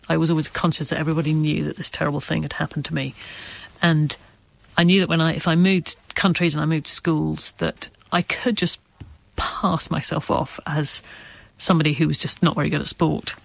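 A middle-aged man from Wales, an author answering interview questions in a careful, measured way with a slight stammer. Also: a little high, creaky, no room sound. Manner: careful, measured speech with occasional stammer and light laughs. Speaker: author guest.

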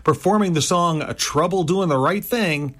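A man hosts a blues radio show, presenting each track in a smooth announcer style. His voice sits a little high for a man. His delivery is upbeat and polished. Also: moderate pace, background noise.

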